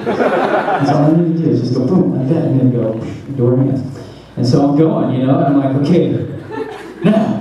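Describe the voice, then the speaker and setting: With a mid-range voice and a brisk pace, a thirty-something man from the American South laughs his way through a funny story for a convention crowd, which can be heard in the background. He's appearing as a panel guest, animated throughout. The lo-fi sound is distant, echoey and noisy, typical of a large convention hall.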